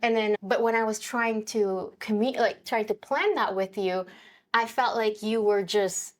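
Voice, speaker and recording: A woman speaking in a thoughtful, conversational way on a podcast. She often restarts her sentences and slips into lively quoted speech while recounting a family moment, at an ordinary pitch for a woman. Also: unhurried. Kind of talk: reflective personal conversation.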